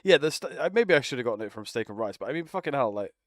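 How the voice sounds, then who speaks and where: A man's voice: medium pitch, lively intonation, racing, fairly bright tone, no echo, clean studio sound. A young man bantering casually with friends as a streamer, teasing, swearing and laughing often.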